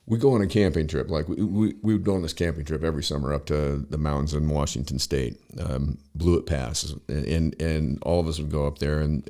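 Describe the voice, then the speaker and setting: A man guesting on a podcast, telling a rambling story in a casual, profane way full of fillers. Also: very deep voice.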